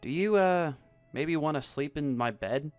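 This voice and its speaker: A man's voice: a little high, expressive, unhurried, clean tone, no room sound, soft background music, pitched above the performer's own voice. A man voicing an earnest, awkward young male tourist in his mid twenties who speaks in a raised, eager voice. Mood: lively.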